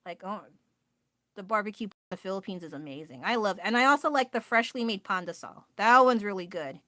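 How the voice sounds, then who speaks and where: A woman's voice: medium pitch, animated, brisk, pushed and bright, dry recording, studio quality. A woman with an American accent chatting casually on a livestream, rambling and laughing often as she answers her chat. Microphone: phone.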